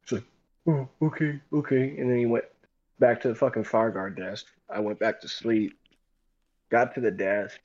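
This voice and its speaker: A man's voice: on the low side, moderate pace, dull audio. A young man casually telling a rambling, profane story on a group voice call. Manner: profane, rambling, animated retelling.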